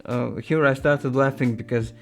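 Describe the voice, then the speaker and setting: A man's voice: mid-range voice, animated, unhurried, a little mellow, soft background music. Chatty man reading viewer emails. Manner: chatty, reads emails aloud with playful asides. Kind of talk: casual chat.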